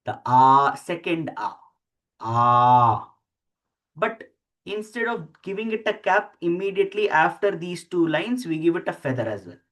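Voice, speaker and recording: A teacher slowly explaining letters and sounding each one out for the class. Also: mid-range voice, animated. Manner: slow, deliberate, repeats sounds aloud for practice. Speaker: Sanskrit teacher. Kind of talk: explaining script while writing letters.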